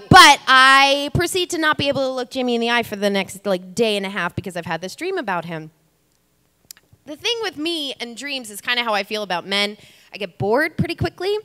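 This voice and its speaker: A woman's voice: on the high side, pushed and bright, smooth. A woman in her thirties telling a comic story on stage, chatty and wry, talking straight to the audience. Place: stage before a live audience. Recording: long reverb of a live venue.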